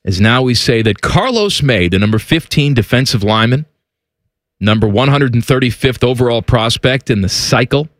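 A man's voice: mid-range voice, normal speed, dry recording, studio quality. A man co-hosting a sports podcast in casual, joking banter. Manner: joking, animated, jumps between goofy voices. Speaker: podcast co-host.

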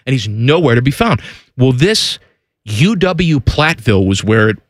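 A man hosts a radio show from a studio, spinning a story with a lively rise and fall in his voice. He acts out the people he quotes. The sound is close and dry. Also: mid-range voice, moderate pace, no echo. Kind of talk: casual storytelling chat. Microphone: studio microphone.

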